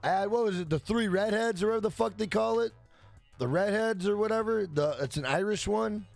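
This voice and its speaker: A young man streaming a game, loud and brash, yelling and swearing as he answers his chat. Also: sits high, brisk, gravelly, faint music behind. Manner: loud, yells to be heard; brash and profane, reads chat aloud. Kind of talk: casual live-stream chat.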